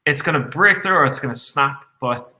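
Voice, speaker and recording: Male streamer, tipsy, sweary and excitable, bright pointed tone, echoey room, mid-high voice. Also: moderate pace. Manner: swears constantly, excitable, reads chat aloud. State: tipsy from red wine. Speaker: day trader streaming live. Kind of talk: live trading commentary.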